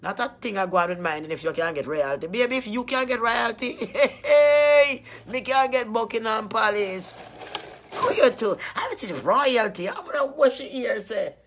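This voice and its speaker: A woman's voice: fairly high pitch, animated, moderate pace, fairly bright tone, a little hiss or hum. A woman chatting casually with her viewers, teasing and laughing often.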